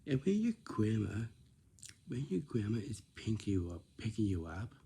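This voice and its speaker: Man, low gravelly voice, slow, repetitive rambling story, occasional whispers. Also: big pitch swings. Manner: repetitive, restarts phrases, drops into soft whispers.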